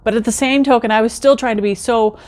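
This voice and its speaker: A woman's voice: fairly high pitch, steady tone, fast talker, a little mellow. A middle-aged woman telling her own story in a casual vlog, chatty and talking straight to her viewers. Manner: chatty, addresses viewers directly, acts out quoted remarks.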